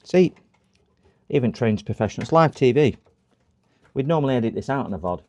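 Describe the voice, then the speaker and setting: A man talks through a live repair at his workbench, half muttering as he fiddles with cables and screws. He laughs at his own slip-ups, and his pitch swings up and down a lot. The sound is close and dry. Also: animated, brisk, warm tone, no room sound. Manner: chatty, muttering while working, self-mocking. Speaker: repair streamer. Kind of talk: live repair stream chat.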